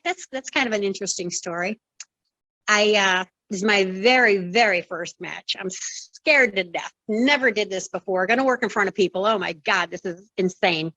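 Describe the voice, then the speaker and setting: A woman's voice: mid-range voice, no room sound, low-quality recording. A woman in her sixties, a former wrestling referee, telling her story in an interview and acting out the other people's lines. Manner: lively storyteller who acts out quoted dialogue. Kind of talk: conversational storytelling.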